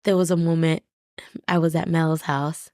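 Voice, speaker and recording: A woman's voice: deep voice, level tone, moderate pace, warm tone, no echo, clean studio sound. A woman guest on a podcast, talking candidly and reflectively in short, restarting phrases. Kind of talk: candid conversational interview.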